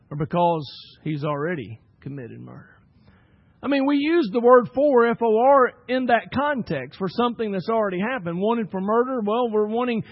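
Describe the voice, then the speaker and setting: A man preaching a sermon as pastor, swinging between loud emphatic bursts and quiet asides. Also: high voice, no room sound, highs cut off.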